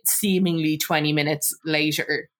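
A woman's voice: low voice, a little slow. A woman co-hosting a podcast, chatting casually and acting out quotes with laughter. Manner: animated, acts out quotes with laughter. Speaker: podcast co-host. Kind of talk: casual recap chat.

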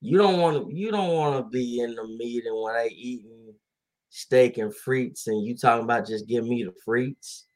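A young man in his twenties co-hosts a podcast, speaking in a mid-range voice at normal speed. In casual chat he tells stories in a laid-back, slangy way and laughs often.

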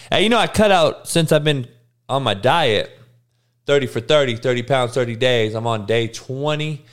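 Hungover male stream host, sluggish and profane, clean resonant voice. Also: medium pitch. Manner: crude, blunt trash talk with frequent swearing; slow, monotone delivery. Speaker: live-stream host reading chat. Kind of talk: casual profane live-stream chat.

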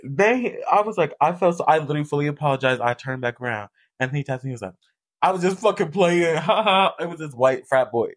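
A man's voice: on the high side, animated, fast talker, few pauses. Young man telling party stories. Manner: storytelling, profane, laughs often. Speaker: podcast co-host. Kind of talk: casual chat.

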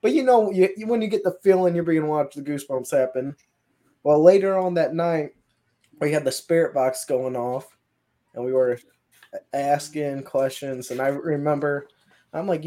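A man's voice: fairly high pitch, moderate pace, dark tone. Rambling man telling paranormal stories. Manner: loose and rambling, with many fillers and restarts. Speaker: paranormal investigator guest. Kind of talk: casual storytelling.

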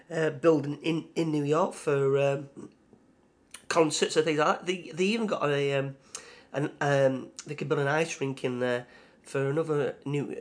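A man co-hosting a casual podcast, relaxed, adding short replies and then telling his own story. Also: on the high side. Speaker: podcast co-host. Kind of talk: casual chat.

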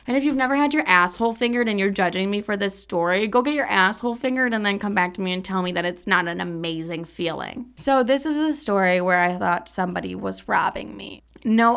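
A young woman in her twenties talks through a wild personal story, blunt and profane. Her voice has a gravelly, fry-heavy edge, and she sits at a middle pitch. She jumps into acting out quotes with lots of drama. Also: a bit bright. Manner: candid, profane, dramatic retelling with acted-out quotes. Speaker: podcast host. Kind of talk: casual storytelling monologue.

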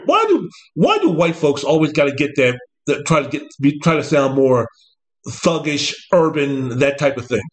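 A man with a fairly high voice hosts a loose sports talk show. He rambles and stays animated, with mocking asides and quick impressions of coaches. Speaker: podcast host. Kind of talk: casual sports talk monologue.

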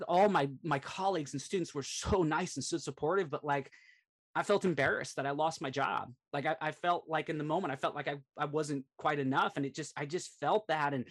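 A middle-aged man with a fairly high voice tells a personal story as a podcast guest. He speaks earnestly and with animation, often filling gaps with "like". His delivery is conversational storytelling rather than a scripted read. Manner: earnest, animated retelling, frequent "like" fillers.

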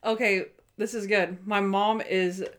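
Young woman, casual chat, animated, acts out quotes, laughs a lot. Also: medium pitch, unhurried. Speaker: podcast co-host. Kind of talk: casual chat recapping a TV episode.

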